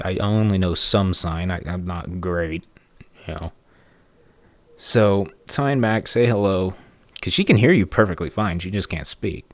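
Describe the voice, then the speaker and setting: A man with a low voice telling a story in a relaxed, rambling way. He drifts into side remarks and chuckles at his own snark, and the sound is dry and close. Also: no echo. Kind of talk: casual storytelling.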